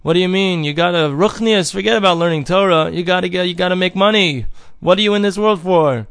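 A man's voice: high voice, brisk, creaky, no room sound, pitched above the performer's own voice. A man voicing a pushy inner tempter who scornfully urges chasing money. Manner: loud, needling, scornful. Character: pushy tempter urging money over study.

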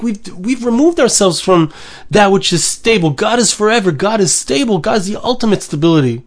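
High-voiced man giving an earnest sermon. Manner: earnest, repeats phrases, mixes in Hebrew terms. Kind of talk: Torah lesson sermon.

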